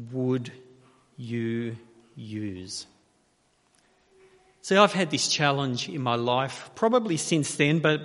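A man preaching a sermon, measured and emphatic, asking rhetorical questions with long pauses. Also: mid-range voice, a bit bright. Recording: reverberant hall.

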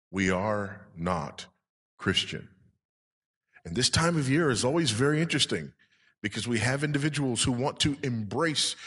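A man's voice: medium pitch, a bit bright, husky. A male pastor preaching a sermon with emphasis, putting rhetorical questions to his congregation. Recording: long reverb in a large hall.

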